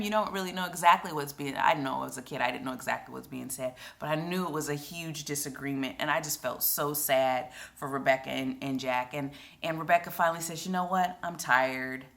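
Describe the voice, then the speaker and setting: A woman casually chatting through a TV episode recap, retelling scenes in an emotional, animated way with lots of fillers. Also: low-pitched, gravelly. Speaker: TV recap vlogger.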